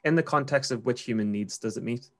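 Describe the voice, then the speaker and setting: A man's voice: medium pitch, fast, fairly bright tone. Geordie man chatting about trading. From North East England. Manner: chatty, rambling with restarts. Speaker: trader. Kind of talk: casual conversation.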